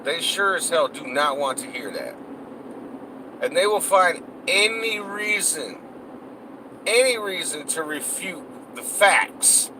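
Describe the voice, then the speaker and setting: A man's voice: fairly high pitch, lively intonation, slow, noisy background. A man delivering a heated, profanity-laced rant, cursing and repeating himself as he vents. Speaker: political vlogger.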